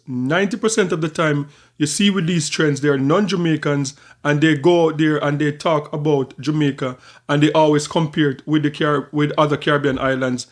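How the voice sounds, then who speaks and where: A man hosting a commentary channel, talking in a measured, conversational way with small repeats and restarts. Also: a little high.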